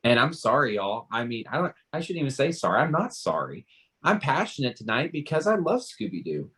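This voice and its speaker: A man's voice: mid-range voice, very animated, fairly quick, fairly bright tone, husky. A man, talking passionately and emphatically in a casual panel discussion, often restarting his sentences. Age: 20s. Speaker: panel co-host.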